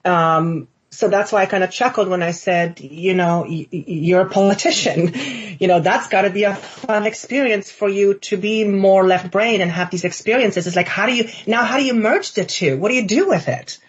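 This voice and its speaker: A woman's voice: mid-range voice, normal speed, few pauses, slightly rough, muffled recording. A woman hosting an interview, reacting with chuckles and asking thoughtful questions. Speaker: host. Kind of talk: casual interview chat.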